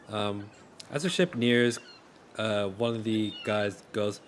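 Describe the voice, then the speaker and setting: A man narrating as game master in a tabletop game, hesitant and full of pauses and restarts. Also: fairly low pitch, slight background noise. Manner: hesitant, many fillers and restarts.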